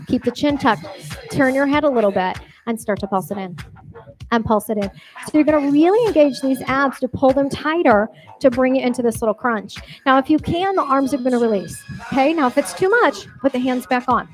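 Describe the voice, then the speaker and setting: A woman's voice: sits high, rough recording. A woman fitness instructor leading a barre class, counting reps and giving encouraging cues with cheerful whoops. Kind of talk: cueing a workout class. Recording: music playing behind. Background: workout music.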